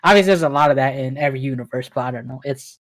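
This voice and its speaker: A man's voice: medium pitch, rapid-fire. A young man co-hosting a gaming podcast in casual chat, drowsy and yawning, trailing off between thoughts. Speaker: podcast co-host.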